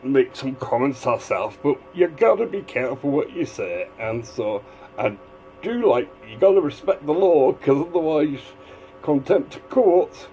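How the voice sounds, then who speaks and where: A man's voice: on the high side, very animated, unhurried, warm tone, soft background music, poor audio. A man giving a casual, rambling video commentary, drifting between asides. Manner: rambling, digressive, full of fillers and restarts. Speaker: vlogger.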